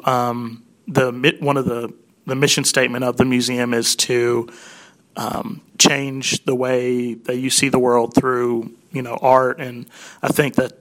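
A young man hosting a radio interview, talking enthusiastically with many ums and restarts. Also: mid-range voice. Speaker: radio show host.

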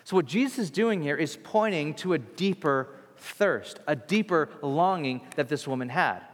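A man preaching a sermon in a casual, animated storytelling manner. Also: fairly high pitch, moderate pace, in a large hall.

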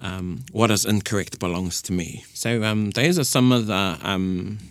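A man's voice: lowish voice, unhurried, no echo. A man with a New Zealand accent, hosting a casual radio chat and patiently explaining points of Māori language. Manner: explains patiently, with many restarts and fillers. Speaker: host teaching Māori language.

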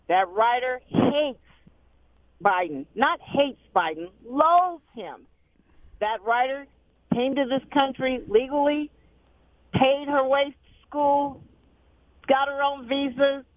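Female caller, chatty and indignant, high voice, tinny phone line. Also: no room sound. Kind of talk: call-in radio chat.

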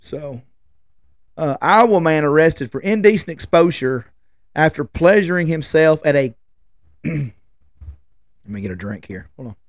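A man's voice: fairly high pitch, lively intonation, a little slow, pauses often, no room sound, studio quality. A man, hosting a podcast and telling rambling, chatty stories. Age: 40s. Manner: rambling, chatty, restarts and trails off. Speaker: podcast host. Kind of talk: casual rambling storytelling.

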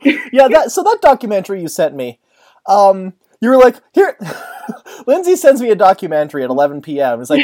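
Animated, sarcastic woman telling stories. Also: medium pitch, a little fast. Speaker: podcast co-host. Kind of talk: casual chat.

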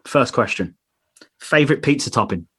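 Husky host, lively delivery. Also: male voice, mid-range voice. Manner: upbeat, brisk, runs the quick fire questions. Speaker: podcast host. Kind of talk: casual interview chat.

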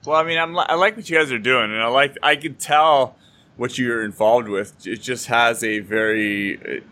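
A man's voice: mid-range voice, normal speed, sharp tone. A man hosting a podcast, chatty and joking with his guests. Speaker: podcast host. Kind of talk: casual podcast interview.

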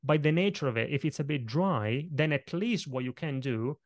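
A man who is not a native English speaker, a presentation coach guesting on a podcast, talking with lively, shifting emphasis. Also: on the high side, normal speed, no room sound. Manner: energetic, varied emphasis, punches and stretches words. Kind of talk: podcast interview, explaining tips.

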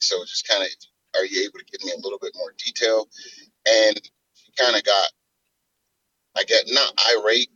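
A man calls in to a talk show and talks in a halting way, restarting his sentences. His voice sounds bright and forceful and rather low. It comes over dry and a little muffled. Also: slightly rough, no room sound. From South Carolina. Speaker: caller. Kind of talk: casual call-in talk.

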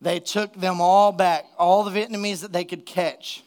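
A man, a pastor, preaching a sermon and telling a funny story in an animated way, laughing at his own jokes. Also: sits high, normal speed, smooth. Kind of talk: sermon with a humorous personal story.

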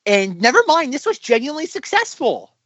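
A man co-hosting a podcast, chatting casually about a sketch show, animated and full of fillers. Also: extremely high pitch, brisk, breathy edge, no room sound, lo-fi sound. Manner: animated, acts out quotes, many fillers. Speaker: podcast co-host. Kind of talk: casual chat reviewing a sketch comedy show.

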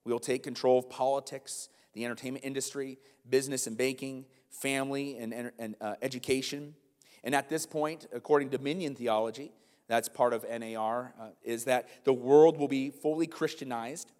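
A male pastor preaching a sermon, animated, with frequent rhetorical questions to the congregation. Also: mid-range voice, normal speed, long reverb tail.

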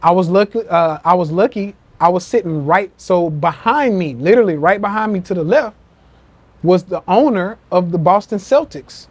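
A man's voice: high voice, lively intonation, normal speed, no room sound. A man hosting a live social media rant podcast, talking in an emphatic, profane and repetitive way, acting out quotes with animation. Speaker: podcast host. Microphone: phone.

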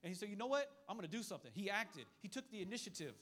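A man's voice: sits high, big pitch swings, rapid-fire, fairly bright tone. A male pastor preaching a fiery sermon, repeating his points and calling out to the congregation. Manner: fiery, repetitive preaching with call-and-response asides.

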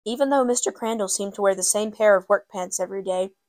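A woman's voice: mid-range voice, fast, a little mellow, no echo. A woman hosting a book segment, casually introducing a novel and then reading its first chapter aloud. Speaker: book reader and host.

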